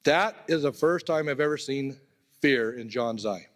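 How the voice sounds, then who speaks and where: A man's voice: mid-range voice, a little slow, a bit bright. A man giving a eulogy at a memorial, telling casual, conversational personal stories. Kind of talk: storytelling eulogy. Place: temple hall.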